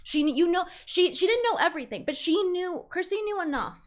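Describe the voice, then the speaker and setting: A woman's voice: very high-pitched, expressive, fairly quick. A young woman streamer rambling in frustration about a falling-out, with many restarts and fillers. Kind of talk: casual stream commentary.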